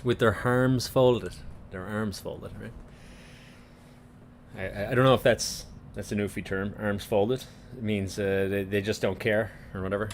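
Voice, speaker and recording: A man's voice: fairly low pitch, steady tone, moderate pace, a little hiss or hum. A man from Newfoundland with a light townie accent, hosting a livestream, chatting casually, laughing often and restarting his sentences. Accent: light St. John's Newfoundland. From Newfoundland, Canada. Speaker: livestream host. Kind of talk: casual chat reacting to viewers.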